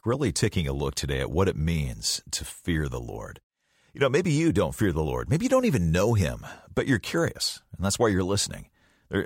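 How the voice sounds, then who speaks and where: A man announcing a radio ministry program, calmly inviting listeners to call. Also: a bass voice, breathy edge, dry recording, clean studio sound. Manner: calm, inviting, direct address to listeners.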